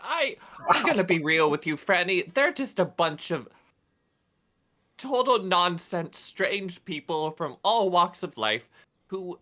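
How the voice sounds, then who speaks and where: A woman player speaking in character in a tabletop game. Her voice sits very low but swings widely in pitch. She talks slowly and haltingly, full of fillers. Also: sing-song, fairly bright tone. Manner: halting, hesitant, with many fillers.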